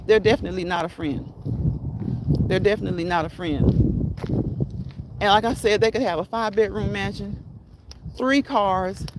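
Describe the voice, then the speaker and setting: A woman's voice: mid-range voice, noisy background. Woman casually chatting on a livestream. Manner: repetitive, encouraging, laughs at own phrases. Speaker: livestream host. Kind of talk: casual live-stream chat.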